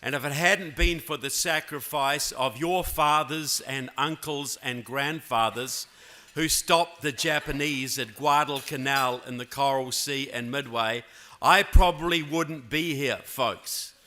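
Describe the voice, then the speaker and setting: A man's voice: medium pitch, unhurried, pushed and bright. A man in his fifties from New Zealand with a New Zealand accent, giving a keynote speech at a political convention and often checking in with the crowd. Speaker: keynote speaker. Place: large conference hall. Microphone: handheld or podium mic.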